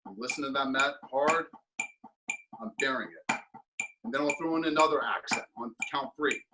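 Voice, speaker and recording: A male percussion instructor counts off beats and talks through his practice routine in an easygoing, unpolished manner. He speaks at an ordinary pitch, with filler words and restarts as he thinks aloud. Steady clicks and tapping sound clearly behind his voice. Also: normal speed, long pauses. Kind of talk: instructional clinic, counting off while playing. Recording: steady ticking and tapping noise under the voice.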